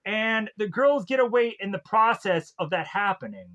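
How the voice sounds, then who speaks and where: High-voiced man recapping a film. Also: animated, fairly bright tone, lo-fi sound. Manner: laughs often, mimics characters in quick voices. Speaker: film reviewer. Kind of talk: casual spoken movie recap.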